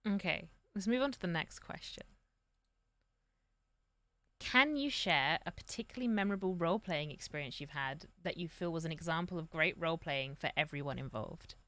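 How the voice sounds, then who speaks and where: A woman hosting a casual live-stream chat, animated and swearing freely as she makes her points. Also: low-pitched, moderate pace, no room sound. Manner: animated, swears, rising emphasis. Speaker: show host.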